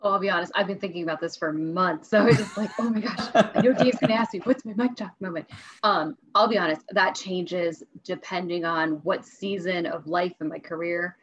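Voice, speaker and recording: A woman teacher speaks candidly as a podcast guest, chatty and often laughing, with a voice a little low for a woman. The recording is dry and slightly muffled. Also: fairly bright tone, no room sound. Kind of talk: casual interview talk.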